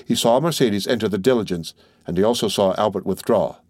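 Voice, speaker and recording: Guy reading a classic novel, lowish voice, dry close sound, steady. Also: a little fast, no room sound. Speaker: audiobook narrator. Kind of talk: scripted narration.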